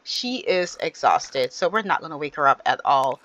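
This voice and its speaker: A woman's voice: sits low, animated, moderate pace, a bit bright. A woman giving casual, chatty gameplay commentary and talking straight to her viewers. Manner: chatty, addresses viewers directly. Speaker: gaming channel host.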